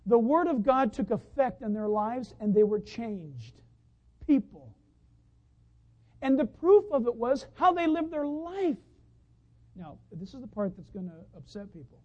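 A man preaching a sermon, telling a story as he goes, dropping from hushed to loud excited outbursts. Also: very high-pitched, unhurried, lo-fi sound. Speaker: pastor.

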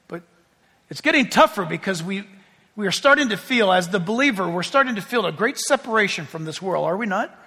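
A man's voice: sits high, pushed and bright, long reverb tail. A middle-aged man preaching a sermon as pastor, telling chatty stories with self-deprecating humor.

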